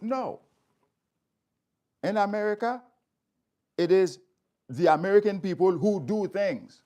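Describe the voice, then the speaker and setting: A man's voice: sits high, animated, unhurried, pauses often, warm tone. A man speaking straight to his viewers, stressing his points by repeating phrases. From Haiti. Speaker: community speaker. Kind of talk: impassioned address to viewers.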